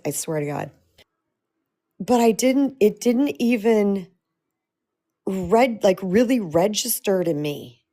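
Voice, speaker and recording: A middle-aged woman host telling a personal story in a chatty, animated way, laughing often. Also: mid-range voice. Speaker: host and self-love coach. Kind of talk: storytelling talk.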